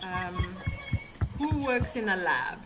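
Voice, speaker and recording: Woman English teacher, very slow and careful, lively pitch, frequent laughter. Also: over loud music, low-quality recording. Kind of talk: live beginner English lesson.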